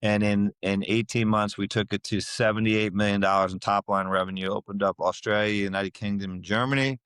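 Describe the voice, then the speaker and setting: A man's voice: on the low side, fairly even intonation, a little fast, a bit bright, smooth, no room sound. A middle-aged man telling a personal story in a casual interview, acting out the voices of people he quotes. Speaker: podcast guest.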